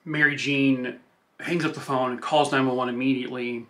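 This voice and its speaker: A man's voice: medium pitch, level tone, moderate pace, very noisy. A male true crime podcast host retelling a case in a loose, casual way, using filler words like "like" and "I guess".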